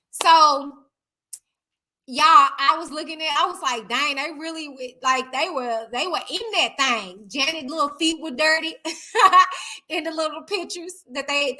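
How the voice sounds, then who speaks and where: A woman hosting a casual live stream, chatting and reading out viewer comments, talking straight to her viewers. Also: sits high. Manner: chatty, animated, addresses viewers directly as y'all.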